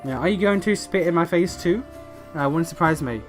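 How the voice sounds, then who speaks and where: A man's voice: a little high, fairly quick, soft background music, lightly acted. A man reading as a weary dwarf knight. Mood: bitter. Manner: reading aloud with frequent uh fillers. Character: weary, guilt-ridden old male dwarf knight.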